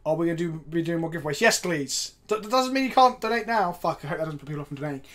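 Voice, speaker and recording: A mid-pitched streamer who talks loosely and excitably over an online card game. Swear words come often and loud laughs burst out between the plays. The talk is unscripted, live-stream chatter. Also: very fast. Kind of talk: casual live-stream chat.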